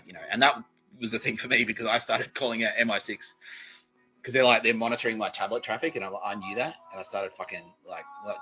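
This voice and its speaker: A man's voice: medium pitch, fast talker. A man hosting a podcast, telling a rambling comic story full of swearing, laughing often and mimicking other people. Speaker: podcast host. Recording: dull lo-fi sound, faint music behind.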